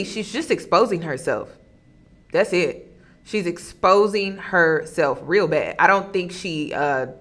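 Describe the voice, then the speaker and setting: A woman's voice: fairly low pitch, bright, forceful tone. A woman hosting a reaction commentary, emphatic and exasperated, often turning to her viewers. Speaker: commentary host.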